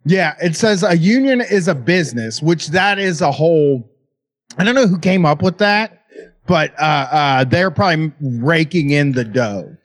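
A man with a slightly high voice hosts a casual comedy podcast. He reads out documents and mocks them in a sarcastic, offhand way, with plenty of fillers. His delivery stays relaxed and conversational. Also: measured pace.

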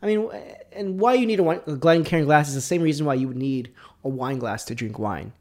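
A man's voice: fairly high pitch, fairly quick. A man hosting his own podcast, chatting casually through a whiskey tasting, rambling and correcting himself, often dropping into muttered near-whispers. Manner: drops to near-whispers between louder bursts. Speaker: podcast host.

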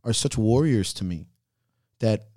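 A man's voice: lowish voice, expressive, unhurried, mellow, no room sound, clean studio sound. A man hosting a podcast, telling heartfelt personal stories in casual talk full of swearing. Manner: profane, heartfelt storytelling. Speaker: podcast host.

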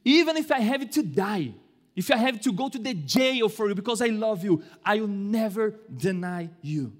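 Stubborn, boastful male disciple voiced by a preacher, pitched high and pleading, with long church-hall echo. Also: lively intonation, moderate pace. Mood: insistent. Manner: raised, pleading, emphatic protest.

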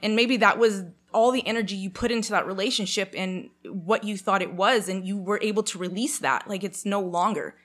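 A woman's voice: mid-range voice, fairly quick, hardly any pauses. A young woman from Canada telling a long personal story in casual chat, with lots of fillers and acted-out quotes. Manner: animated, many fillers, acts out quotes.

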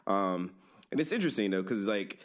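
Man, very low voice, casual chat, explains at length, repeats words. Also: big pitch swings, fairly quick.

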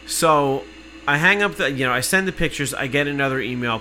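A man telling an exasperated, profane story in casual podcast chat, cursing freely and working himself up to shouting. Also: mid-range voice, brisk, a little hiss or hum, low-quality recording.

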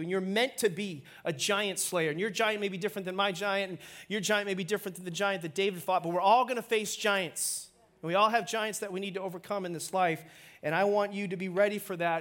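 A man's voice: sits high, a bit bright. A man preaching a sermon as the pastor, playful and self-mocking, joking with the congregation and calling for responses.

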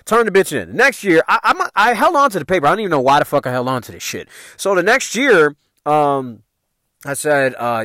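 A man hosting a podcast, spinning childhood stories in a lively, swooping voice with plenty of cursing and slang. His voice sits a bit high for a man. The sound is dry and close, with no room around it. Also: fairly quick, no echo. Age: adult parent. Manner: profane, animated, loose street slang. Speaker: podcast host. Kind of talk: casual storytelling.

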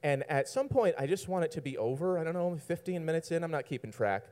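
A man's voice: fairly high pitch, expressive, fast, a little mellow. A man telling a personal story to an audience, rambling and self-mocking, often laughing at his own lines.

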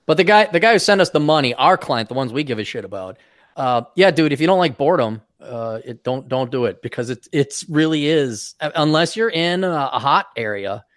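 A man hosting a podcast, telling rambling, animated stories in casual chat with frequent restarts. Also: fairly high pitch, fairly quick, dry recording, clean studio sound. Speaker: podcast host.

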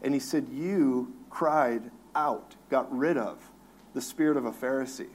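A man who is a minister, telling his own story on a talk show, lively and laughing, acting out his crying with big swings in voice. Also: mid-range voice, unhurried, a little hiss or hum.

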